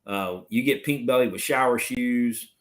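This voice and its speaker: A man's voice: mid-range voice, unhurried, fairly bright tone. A middle-aged man, a retired Marine officer, telling blunt, profane stories in a casual interview. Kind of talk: casual storytelling chat.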